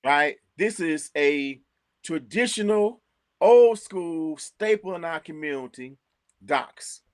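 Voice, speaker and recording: A man with a Chicago accent chatting casually as co-host, animated, repeating words and laughing often. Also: on the high side, slow, no echo, clean studio sound. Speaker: co-host recommending local restaurants. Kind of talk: casual chat.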